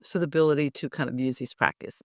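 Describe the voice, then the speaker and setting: A middle-aged woman coaching public speaking, lively and often laughing as she demonstrates. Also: rumbling low, quick pace, no room sound, studio quality. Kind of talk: instructive interview talk.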